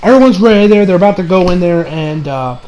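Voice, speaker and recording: A young man with a rather high voice chats his way through an anime review, rambling loosely and tossing in casual swears. His talk is relaxed and unscripted, full of restarts. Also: fast, a little hiss or hum.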